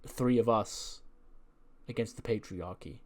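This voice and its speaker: A man's voice: lowish voice, measured pace. A man voicing a huge, hot-tempered wrestler who speaks in curt, growling lines in a game story. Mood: gruff. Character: huge, raging male wrestler called a dinosaur.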